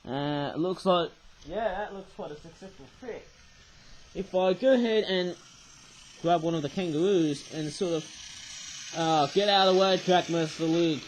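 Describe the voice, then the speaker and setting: Croaky high-voiced older man rambling. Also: measured pace, slight background noise, rough recording. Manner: rambling, jokey asides. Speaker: toy channel host. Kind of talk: chatty unboxing commentary.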